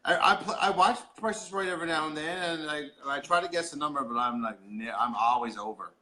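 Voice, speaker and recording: A man's voice: a little high, quick pace, bright, forceful tone. A man with a Newfoundland accent hosting a casual video chat, joking, swearing freely and laughing often. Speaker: host.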